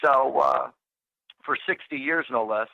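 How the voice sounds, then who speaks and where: Bright-voiced man rambling on lo-fi radio. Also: medium pitch, measured pace, creaky, no room sound. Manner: rambling, many fillers and restarts. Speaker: psychic medium radio host. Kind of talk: casual storytelling on talk radio. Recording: lo-fi radio broadcast.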